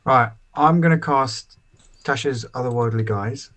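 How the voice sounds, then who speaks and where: A man's voice: medium pitch, unhurried, a bit bright. Brief: male tabletop player, mid voice, unsure and plain-spoken. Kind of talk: tabletop game chat.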